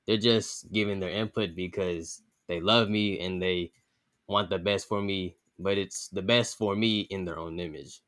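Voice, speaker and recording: A young man, a podcast guest, talking in an earnest, measured way about his own feelings. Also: sits low, fairly even intonation, a bit bright. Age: young adult. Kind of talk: casual interview chat.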